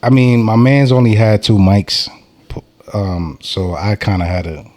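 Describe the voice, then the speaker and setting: A man's voice: fairly low pitch, measured pace, darkish tone. A man hosting a casual podcast, joking and hyping up his co-host with playful banter.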